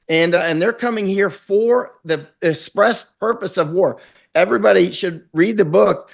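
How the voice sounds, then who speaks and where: A man's voice: on the high side, normal speed, creaky, a bit bright. A middle-aged man from Florida, a guest in an interview, talking in an intense, rambling way and acting out quotes. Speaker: guest, war correspondent. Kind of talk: conversational interview.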